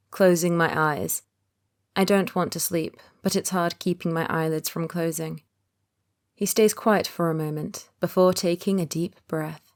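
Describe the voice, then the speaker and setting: A woman with a somewhat low voice narrating a romance audiobook in the first person. Her reading is calm and measured, with an even flow.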